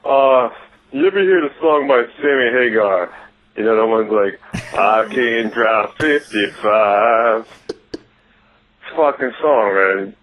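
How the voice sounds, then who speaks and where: A man's voice: mid-range voice, normal speed, rough recording. A male caller leaving a rambling, profane voicemail. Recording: phone voicemail.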